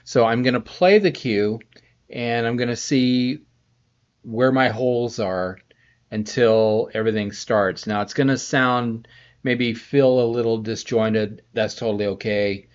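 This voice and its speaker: A man's voice: medium pitch, unhurried. A middle-aged man, a composer on a casual live stream from his home production studio, chatting in a rambling, friendly way while sleepy and yawning. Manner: rambling, friendly, greets viewers by name. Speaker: composer streaming a scoring session. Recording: slightly dull lo-fi stream audio.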